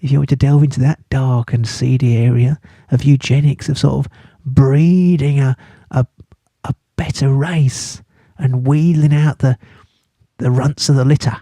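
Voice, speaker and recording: A man's voice: mid-range voice, steady tone, a little slow, mellow, no room sound. A man teaching a casual study-guide lesson, chatty and playful, with jokey asides. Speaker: English literature teacher.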